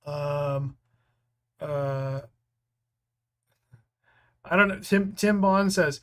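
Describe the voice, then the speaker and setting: A man's voice: on the high side, extremely slow, pauses often, a bit bright. Man hosting a rambling live stream. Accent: American. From United States. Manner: rambling, full of restarts and fillers. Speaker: host of a live training stream. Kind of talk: casual live-stream talk, reading comments.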